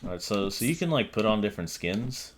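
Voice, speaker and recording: Rambling lower-voiced man playing a game. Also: big pitch swings, a little fast, soft background music. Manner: rambling, hesitant, lots of fillers. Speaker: gaming channel host. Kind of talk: casual let's-play commentary.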